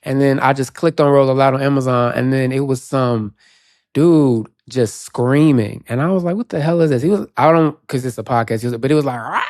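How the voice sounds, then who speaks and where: Man, podcast co-host, casual chat, chatty storyteller, mid pitch, dry close sound. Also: a little fast, no room sound. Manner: chatty, animated storytelling with quoted asides.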